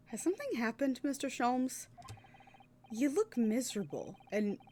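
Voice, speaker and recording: A woman's voice: on the high side, very animated, unhurried, a little mellow, slight background noise. Woman reading a polite young man. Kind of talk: reading game dialogue aloud.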